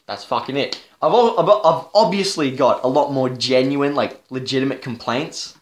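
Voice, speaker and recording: A young man ranting through a profane, halting review of a TV show, with lots of restarts. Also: medium pitch. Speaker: vlogger. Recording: echoey room.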